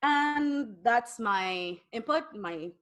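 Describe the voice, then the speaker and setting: A woman's voice: a little high, animated, drawn-out words, fairly bright tone. A woman co-hosting a wrestling podcast in casual chat, rambling and sighing as she builds her point. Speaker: podcast co-host.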